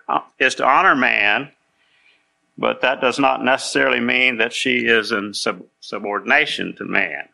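A male pastor preaches a conversational sermon in a mid-range voice that is heavily gravelly and rough, with a tense, sharp quality. He talks through his points patiently and stops now and then to confirm the congregation is with him.

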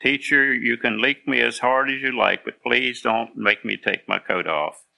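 A man's voice: mid-range voice, steady tone, moderate pace, gravelly, bright, forceful tone, heavily acted. A preacher voicing a poor, hungry ten-year-old boy who pleads timidly in a sermon story. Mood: pleading.

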